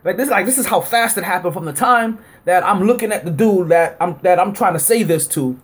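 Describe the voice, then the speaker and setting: A sports podcast host with a fairly quick, husky voice tells a story casually and animatedly. He acts out both sides of an argument with rising pitch, laughs frequently, and leans heavily on fillers like "like."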